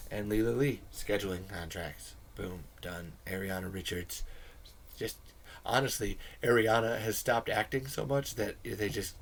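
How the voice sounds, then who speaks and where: A man's voice: lowish voice, a bit bright, a little hiss or hum. A man rambling earnestly to camera in a casual, profane commentary. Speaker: video creator.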